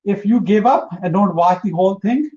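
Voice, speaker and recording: Earnest high-voiced man giving advice. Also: animated, normal speed, a little mellow, highs cut off. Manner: earnest, emphatic, repeats for emphasis. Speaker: interview guest, entrepreneur. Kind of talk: motivational interview talk.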